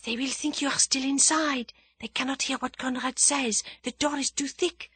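A woman reading aloud, voicing a quick-witted young maid who talks in hushed, urgent tones and breaks into shrill cries. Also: expressive, no echo.

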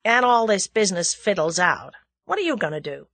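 A woman's voice: medium pitch, animated, fairly quick, fairly bright tone, no room sound. Lady doing a chatty american guy, folksy slang, dry close sound. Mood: teasing. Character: brash young American man, friendly.

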